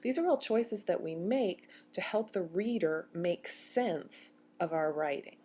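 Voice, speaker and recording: A woman's voice: on the low side, animated, measured pace, dark tone, slightly rough. A woman giving a recorded grammar lecture as a university instructor, explaining step by step and posing questions to her students.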